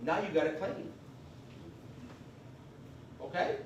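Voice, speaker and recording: A man's voice: sits high, animated, takes it slowly, distant mic, muffled recording, slight background noise. A man presenting a live class on veterans benefits, folksy and emphatic, often checking in with "okay?". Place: convention meeting room. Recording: echoey room recorded from afar.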